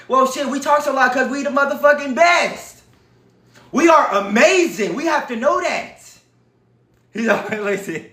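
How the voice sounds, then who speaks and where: A man hosting a livestream, talking in an animated, profane, preachy way. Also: very high voice, moderate pace, reverberant. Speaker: livestream host. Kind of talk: casual livestream talk.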